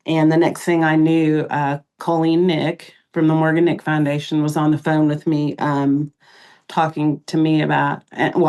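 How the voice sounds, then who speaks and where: A middle-aged woman, a podcast guest, recounting events in an emotional interview, halting with many pauses and fillers. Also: low-pitched, darkish tone.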